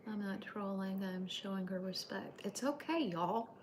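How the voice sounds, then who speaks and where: A woman's voice: mid-range voice, level tone, measured pace, slight background noise. An older woman chats in a motherly way with her viewers while she cooks at home on a livestream. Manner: chatty, motherly, talks to viewers by name while cooking. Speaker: livestream host. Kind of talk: casual cooking livestream chat. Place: home kitchen.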